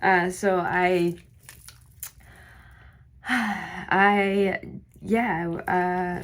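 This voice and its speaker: Woman vlogger, low gravelly voice, slightly hoarse, rambling get-ready-with-me storytime, faint background noise. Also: fairly even intonation, a little slow. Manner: rambling, filler-heavy storytelling. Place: home, doing makeup.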